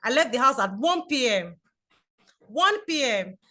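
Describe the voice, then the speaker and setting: As a guest speaker, a Nigerian woman in her forties gives an online talk over video call to a community group, chatty and animated as she tells stories. Her voice sits high, and she speaks a little slowly.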